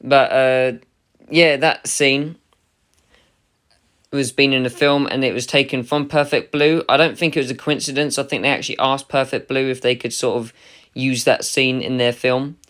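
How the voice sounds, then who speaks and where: A man with a smooth, clear voice at a middle pitch, talking through a casual spoken review. He sounds chatty and enthusiastic as he ranks the works he covers. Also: steady tone, normal speed, fairly bright tone. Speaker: anime reviewer.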